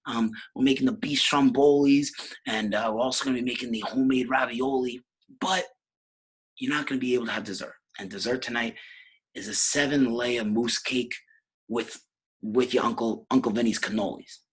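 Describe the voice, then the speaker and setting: A man's voice: medium pitch, fairly even intonation, normal speed, breathy edge, pitched above the performer's own voice, close to an everyday voice. A man voicing a fussy, doting mother who bargains with her son over dinner and dessert. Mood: coaxing. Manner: coaxing, bargaining.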